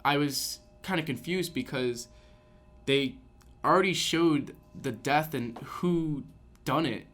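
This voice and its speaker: A man's voice: on the high side, slow, fairly bright tone, soft background music. A man co-hosting a podcast, chatting casually about films in long, rambling sentences full of restarts. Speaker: podcast co-host. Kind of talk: casual chat.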